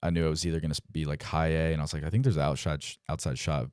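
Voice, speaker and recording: Brief: man in his twenties, from Delaware, interview guest, rich smooth low voice, laid-back storyteller. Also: rapid-fire, no echo, clean studio sound. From Delaware, United States. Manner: relaxed, heavy use of "like" and "um", acts out quotes. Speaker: guest, professional baseball player.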